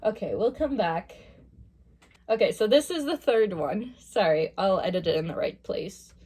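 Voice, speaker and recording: A woman's voice: medium pitch, animated, normal speed, mellow, husky. A young woman, a music student, chatting casually as she reacts to a song cycle, thinking aloud and picking apart the music. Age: young adult. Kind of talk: casual listening reaction commentary.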